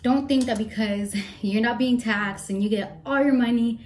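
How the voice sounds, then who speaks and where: A woman's voice: on the high side, normal speed, a little mellow, a little hiss or hum. Breathless, chatty young woman vlogger. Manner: chatty, rambling, playful asides. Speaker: makeup vlogger. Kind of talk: casual get-ready-with-me chat.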